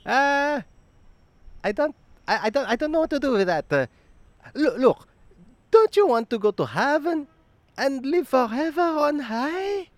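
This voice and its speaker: A performer voices a male Jesus figure who keeps cutting in with exasperated protests, pleading and interrupting with "oi". The voice is high and very animated, with a measured pace and frequent pauses, and there's no echo.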